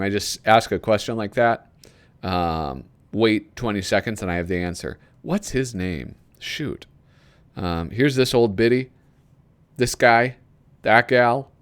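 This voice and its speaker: A man with a lowish voice that swings widely in pitch as he talks. He reads items aloud, chuckles often and rambles in a casual, chatty way. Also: fairly bright tone. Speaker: video host flipping through a magazine. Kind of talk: casual commentary.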